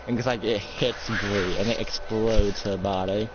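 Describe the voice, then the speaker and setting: A man's voice: on the low side, fairly even intonation, measured pace. A man narrating an improvised role-play story, rambling with many restarts and "like" fillers. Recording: muffled lo-fi with loud hiss.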